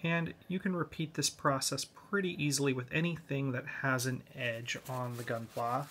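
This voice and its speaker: A man talks through a model kit tutorial, explaining one step at a time in an unhurried, easygoing way. His voice sits in an ordinary middle pitch. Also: fairly even intonation, a bit bright, a little hiss or hum. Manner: laid-back step-by-step explaining. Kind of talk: hobby tutorial.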